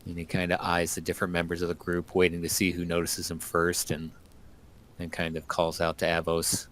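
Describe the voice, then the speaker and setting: A man's voice: deep voice, completely flat delivery, fairly quick, a bit bright. A man casually describing his character's actions in a tabletop game, with hesitant fillers. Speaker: player.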